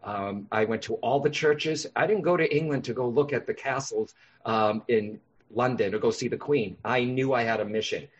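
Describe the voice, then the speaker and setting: Husky-voiced man telling stories. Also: mid-range voice, normal speed. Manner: animated, acts out voices in anecdotes. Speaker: guest, psychic medium. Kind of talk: storytelling in a podcast interview. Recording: dull lo-fi sound.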